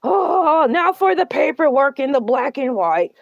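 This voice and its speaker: A boastful, needy shark talk-show host, put on by a woman, who whines and rambles about his own troubles. The voice sits high and is caught close on a dry mic. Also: big pitch swings, measured pace, gravelly, no room sound, muffled recording, heavily acted. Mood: indignant. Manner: whiny, self-centered, rambling. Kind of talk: comedic character livestream.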